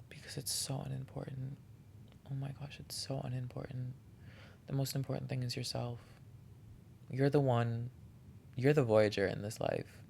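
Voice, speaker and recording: A man talks through a solo podcast in a heartfelt, encouraging way, restarting sentences as he goes. His voice is strongly gravelly with lots of vocal fry, sitting at an ordinary middle pitch. A faint noise and low rumble run underneath the recording. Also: a little mellow. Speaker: podcast host. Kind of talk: reflective solo podcast monologue.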